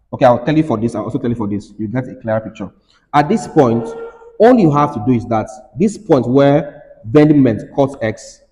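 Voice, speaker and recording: Man teaching engineering in a hall, ordinary pitch, insistent and repetitive, echoing room. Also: a little mellow. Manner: repetitive, urging students to listen. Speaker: engineering lecturer. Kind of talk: classroom lecture. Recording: reverberant hall.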